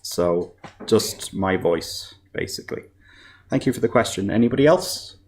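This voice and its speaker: A man, a composer and voice actor, giving a casual presentation at a developer meetup, relaxed and self-deprecating, often laughing. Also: on the low side, moderate pace, a little hiss or hum.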